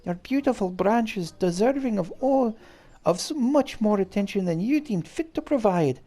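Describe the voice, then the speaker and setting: Brief: man doing a lofty, melodramatic fairy royal in a hammy Scottish accent, pitched well up, for a game. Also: expressive, moderate pace, dark tone. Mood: scolding, theatrical. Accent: put-on Scottish. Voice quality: high, exaggerated theatrical voice. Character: haughty dramatic fairy ruler, theatrical and scolding. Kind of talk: reading game dialogue aloud.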